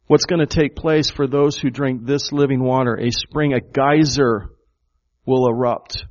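A man's voice: mid-range voice, fairly even intonation, a little slow. Emphatic preacher man, lo-fi sound. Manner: emphatic, rhetorical questions to the congregation. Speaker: pastor. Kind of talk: sermon.

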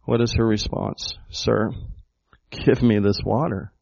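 A man's voice: on the low side, steady tone, takes it slowly, creaky, a little mellow. Emphatic preacher man, lo-fi sound. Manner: emphatic, rhetorical questions to the congregation. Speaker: pastor. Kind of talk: sermon.

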